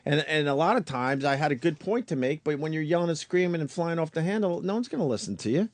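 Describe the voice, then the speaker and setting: A man's voice: animated, fast, no echo. Profane, frank male radio host. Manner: frank and profane, swings from low and quiet to loud. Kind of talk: candid radio talk.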